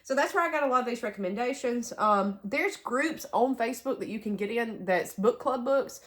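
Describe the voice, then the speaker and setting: A woman's voice: on the high side, lively intonation, fairly quick. A young woman with a Southern US accent, chatting casually to camera in a rambling way with asides. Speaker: homestead vlogger. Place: sunroom bedroom in a house.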